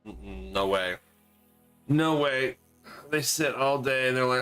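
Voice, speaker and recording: A man's voice: medium pitch, animated, a little slow, pauses often, bright, forceful tone, faint music behind. A man streaming and chatting casually, blunt and heavy on profanity.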